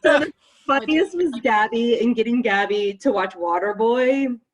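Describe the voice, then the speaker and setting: A woman with a husky, slightly high voice tells an amused story in a casual group chat. She laughs often as she talks, heard through a video call microphone. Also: moderate pace, rough recording.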